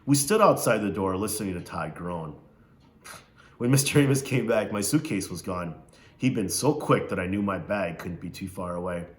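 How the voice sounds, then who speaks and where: A man's voice: deep voice, expressive, moderate pace, roomy sound. A man reading a novel aloud, stopping now and then to ask his listeners questions. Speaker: reader.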